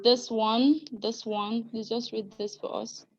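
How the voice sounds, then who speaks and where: A woman's voice: fairly high pitch, steady tone, slow pace, darkish tone. A woman teaching a French pronunciation class, explaining sounds patiently, spelling out letters and calling on students to read aloud. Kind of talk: live class lesson. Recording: dull lo-fi recording with faint noise.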